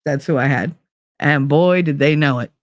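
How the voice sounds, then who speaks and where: A woman with a low-pitched voice hosts a casual livestream at a moderate pace, in a recording with no room sound. She chats loosely, greets viewers by name and swears freely.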